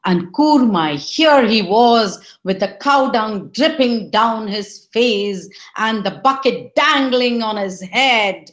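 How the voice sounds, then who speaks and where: Slow, expressive woman storyteller. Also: a little high. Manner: expressive, dramatic. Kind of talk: oral storytelling.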